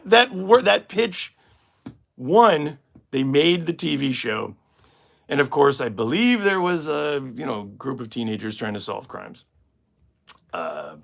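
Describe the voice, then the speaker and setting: An American comedian with a fairly low, creaky voice and a fairly bright tone fields viewer questions on a live stream. He rambles casually and laughs at his own jokes.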